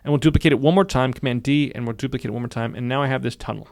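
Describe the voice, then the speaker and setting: A man teaching software in a screen-recorded tutorial, upbeat, narrating his clicks and often repeating phrases. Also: medium pitch, racing, creaky, no echo, clean studio sound. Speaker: software instructor.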